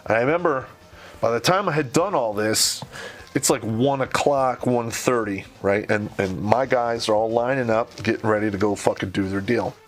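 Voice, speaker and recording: A man's voice: mid-range voice, normal speed. A man telling a war story in casual, profane speech, acting out the voices of the people he quotes.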